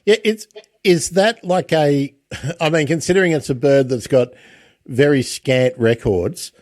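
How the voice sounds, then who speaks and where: A man hosting a casual interview, chatty, with lots of halting restarts. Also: on the high side, darkish tone, no room sound. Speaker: podcast host.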